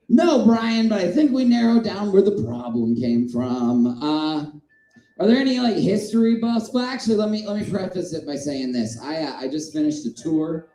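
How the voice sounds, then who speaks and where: A man doing a stand-up set in a small comedy club, crude and self-mocking, swinging between shouting and mumbling. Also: high voice, very animated, fairly quick, echoey room, low-quality recording.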